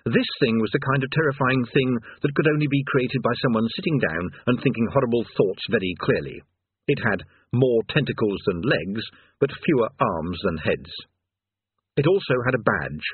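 A man reading a comic fantasy story aloud in a lively, wry storytelling manner. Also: mid-range voice, slightly rough, dry recording. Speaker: audiobook narrator. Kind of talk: scripted fantasy narration. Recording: tinny phone-like dry sound.

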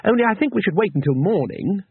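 A man's voice: high-pitched, lively intonation, fast talker, slightly rough, dry recording, pitched above the performer's own voice, full character voice. A man voicing an eager, naive male tourist who talks earnestly and rambles with enthusiasm. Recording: tinny narrow-band recording.

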